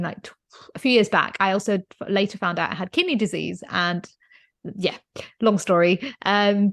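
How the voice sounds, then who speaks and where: A woman with a mid-pitched voice hosts a podcast. She tells stories in a casual, chatty way, and her phrasing is full of fillers and restarts. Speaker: podcast host. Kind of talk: casual conversational storytelling.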